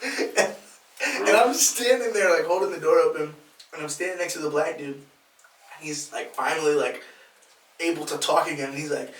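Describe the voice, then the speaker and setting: A man's voice: on the high side, normal speed, far from the mic. A man, a podcast co-host, telling a story in casual chat, acting out the voices of the people in it. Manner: animated, acts out quoted voices, laughs mid-story. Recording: roomy, off-mic podcast audio.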